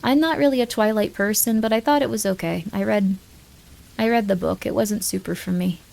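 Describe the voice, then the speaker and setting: A woman's voice: medium pitch, fairly quick, creaky, a little mellow. A woman streamer chatting casually in a rambling, joking way, often cutting herself off mid-thought. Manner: rambling, joking, self-interrupting. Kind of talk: casual live-stream chat.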